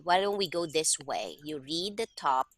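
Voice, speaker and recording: A woman's voice: low voice, normal speed, no room sound. A woman teaching a one-on-one lesson over a video call, patiently explaining and often checking that her student understands. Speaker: language tutor. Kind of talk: one-on-one online tutoring.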